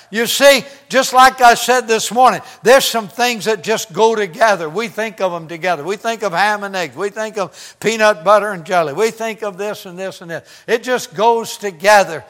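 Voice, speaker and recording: Emphatic, bright-voiced preacher man. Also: sits high, moderate pace. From United States. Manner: emphatic preaching, repeating phrases, dropping to a hush. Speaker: pastor. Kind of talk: sermon.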